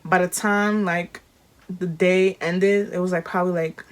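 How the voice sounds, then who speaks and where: A woman's voice: on the low side, steady tone, a little slow. A young woman vlogger telling a story casually, full of slang and fillers and rising with emotion.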